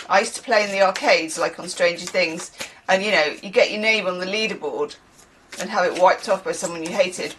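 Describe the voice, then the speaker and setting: A rambling, chatty woman from the UK doing a casual tarot reading. Her voice sits at a middling pitch and swings freely up and down as she talks. She drifts into laughing asides between her points. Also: a bit bright, a little hiss or hum. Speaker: tarot reader.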